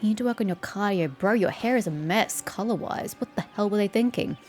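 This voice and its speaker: Over faint game music, a woman with a medium-pitched, slightly mellow voice talks animatedly and a little fast. Sore throat and all, she offers sarcastic, chatty let's-play commentary, teasing the characters as she plays.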